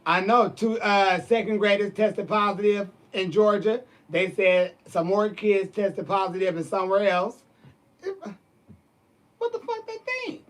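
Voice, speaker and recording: A man with a high voice rants to camera in a sassy, emphatic way. He swears freely and talks with loud, punchy conviction. His delivery is casual and unscripted. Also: animated, a little slow. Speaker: vlogger. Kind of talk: casual ranting monologue.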